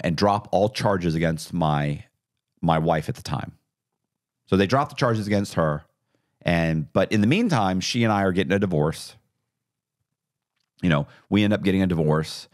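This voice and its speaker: A middle-aged man tells his story on a podcast, acting out each exchange with animated voices. His voice sits very low, and the recording is dry and close with no room sound. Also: dry recording. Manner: animated, acts out quoted dialogue. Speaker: podcast guest. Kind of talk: casual storytelling interview.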